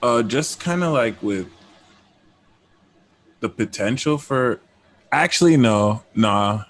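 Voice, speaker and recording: A man's voice: medium pitch, animated, takes it slowly, a bit bright. A man guest in a casual astrology chat, often hesitating and trailing off with "like" and "I don't know". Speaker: podcast guest.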